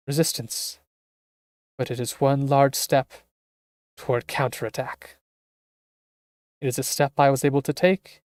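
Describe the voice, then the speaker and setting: A streamer voicing a dying young man who speaks slowly and solemnly while reading game dialogue aloud. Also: medium pitch, a little mellow, dry recording, studio quality, lightly acted.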